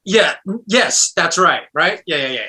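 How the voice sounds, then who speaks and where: A man's voice: fairly high pitch, lively intonation, normal speed, bright, forceful tone, breathy edge. A man guest musician chatting casually in an interview, rambling with lots of restarts and fillers.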